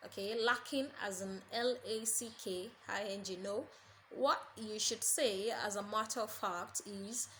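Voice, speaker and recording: A woman teaching a diction lesson, correcting common errors in a deliberate way and often pausing on "okay". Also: mid-range voice, fairly bright tone, a little hiss or hum. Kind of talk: instructional lesson.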